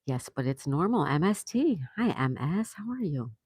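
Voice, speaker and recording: A woman's voice: low voice, very animated, moderate pace, darkish tone, husky, no echo. A woman hosting a livestream, chatting casually and greeting viewers by name as she reads their comments aloud. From Florida. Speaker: livestream host.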